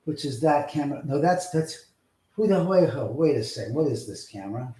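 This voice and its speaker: A man hosting a live stream, swearing in frustration at technical glitches, swinging from muttering to shouting. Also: on the high side, animated, fairly quick. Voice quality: loud profane outbursts, swinging from mutters to shouts. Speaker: livestream host. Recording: roomy echo, mic at a distance.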